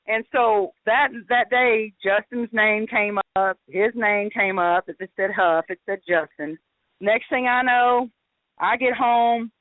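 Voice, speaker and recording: Woman host, casual storyteller with lively quoted voices, phone-line sound, dry. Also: dry recording. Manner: animated, jumps into high voice when quoting.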